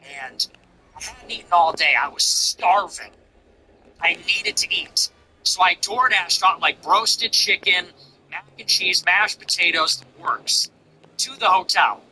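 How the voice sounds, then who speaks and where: Blunt male stream host, slightly higher voice, rambling brash anecdotes, faint hiss behind. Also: lively intonation, measured pace, bright, forceful tone, poor audio. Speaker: livestream host. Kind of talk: livestream chat.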